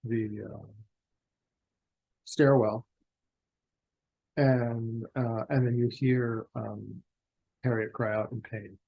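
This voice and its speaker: Male game master, unhurried, halting narration. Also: mid-range voice, fairly even intonation, gravelly, slightly rough, muffled recording. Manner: slow, hesitant, many ums.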